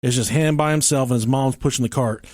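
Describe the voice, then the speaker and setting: A man's voice: medium pitch, fairly quick, no echo, studio quality. A man co-hosting a podcast, telling a long, profane story in casual talk and acting out the people in it. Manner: animated, profane, acts out quotes with shouts and laughter. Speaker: podcast co-host.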